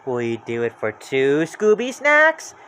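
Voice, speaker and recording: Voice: mid-range voice, wildly swooping pitch, measured pace, a bit bright, slight background noise. A storybook reader voicing a poised young woman who talks in a plain, matter-of-fact way.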